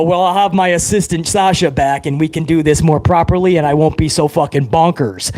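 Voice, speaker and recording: A man hosting a live wrestling reaction stream, excitable and over-caffeinated, swearing freely as he chats with his viewers. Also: on the high side, brisk, few pauses.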